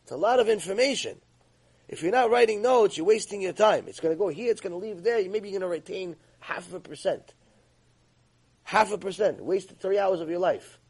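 A man with a high, husky voice gives a religious ethics lecture. He talks in an emphatic, scolding way and acts out the voices of the people he quotes. He speaks as a teacher pressing a point on his class. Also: fairly quick, a little mellow, low-quality recording. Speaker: Torah teacher.

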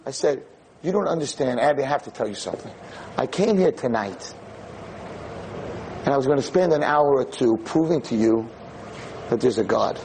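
A male rabbi giving a storytelling lecture, animated and acting out the voices in his tale. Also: mid-range voice, moderate pace, pauses often, slight background noise.

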